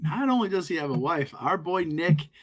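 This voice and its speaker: A man co-hosting a podcast in casual chat, animated, profane and joking. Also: fairly high pitch, moderate pace. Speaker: podcast co-host.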